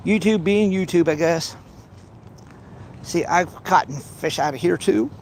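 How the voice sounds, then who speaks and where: A man with a slightly high voice talks a little slowly to his livestream viewers while fishing outdoors by a pond. His chat rambles with many restarts and playful teasing, and there's slight background noise.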